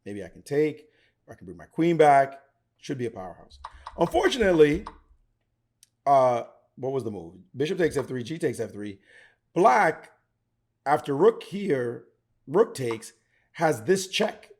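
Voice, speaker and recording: A middle-aged man teaching chess, excitable and theatrical, talking straight to the viewer. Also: mid-range voice, unhurried, pauses often. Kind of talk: animated chess commentary.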